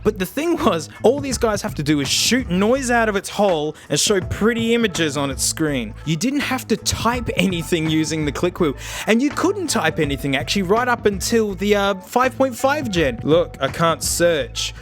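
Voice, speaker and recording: A young Australian man vlogging about gadgets, joking and excitable, swinging between loud outbursts and muttered asides. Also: high-pitched, normal speed, faint music behind. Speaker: tech vlogger. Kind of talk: casual chat.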